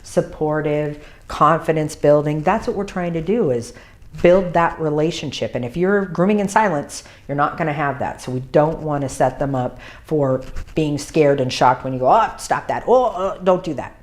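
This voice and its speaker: A woman with a notably low speaking voice gives an instructional talk on dog grooming. She speaks emphatically as an experienced groomer and educator, hammering home her main points. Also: moderate pace. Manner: emphatic, repeats key points.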